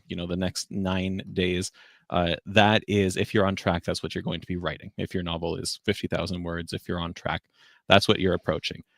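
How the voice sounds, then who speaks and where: A man's voice: sits low, a bit bright, no echo, studio quality. A man hosting a casual live-stream chat, talking readily and laughing often. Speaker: host.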